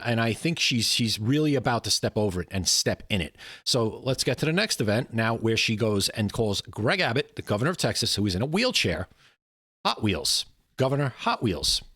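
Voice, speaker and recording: A man's voice: medium pitch, fairly bright tone, dry recording. A man giving indignant political opinion commentary, often repeating words and restarting lines.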